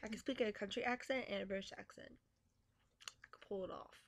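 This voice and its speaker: A woman's voice: medium pitch, steady tone, brisk, a little hiss or hum. A young woman chatting casually and playfully on a webcam vlog, teasing and giggling. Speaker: vlogger. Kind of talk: casual chat.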